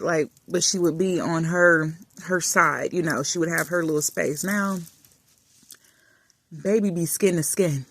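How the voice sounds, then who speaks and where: A woman vlogger chatting casually and affectionately while lying in bed in a dark room, often dropping to soft murmurs. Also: on the low side, unhurried, no room sound. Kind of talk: casual chat.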